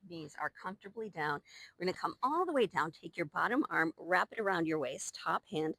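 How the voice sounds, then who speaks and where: A woman's voice: fairly low pitch, lively intonation, fairly quick, sharp tone, slight background noise. A young woman leading a Pilates workout, out of breath as she exercises along, counting reps and giving encouraging cues. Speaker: Pilates instructor. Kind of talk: live workout instruction with counting. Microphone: new microphone.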